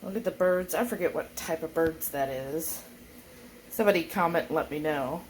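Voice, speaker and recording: A woman's voice: low voice, moderate pace, a little hiss or hum. A woman, chatting casually to her viewers in a food vlog at home. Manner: chatty, folksy, warmly addresses viewers as y'all. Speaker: keto food vlogger.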